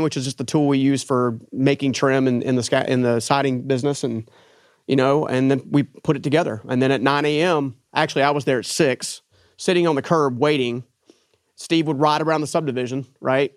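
A man telling his own story in an interview, animated, acting out the voices of the people in it. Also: mid-range voice, fairly quick, no room sound, clean studio sound. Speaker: business owner guest.

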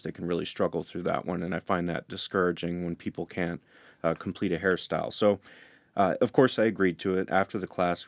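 Gravelly low-voiced man telling a story. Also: dry recording. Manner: earnest, emotional, laughs softly. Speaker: guest, fathers' hair class teacher. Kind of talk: storytelling in interview.

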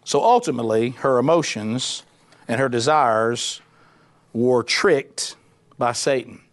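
A middle-aged man, a former radio host, preaching a sermon in an animated, conversational way with punchy repetition. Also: medium pitch, slow.

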